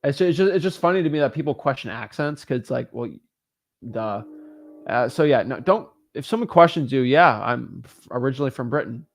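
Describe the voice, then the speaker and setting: A man's voice: medium pitch, animated, brisk. A man coaching real estate wholesalers in a casual livestream, answering viewer comments in an emphatic, motivational way.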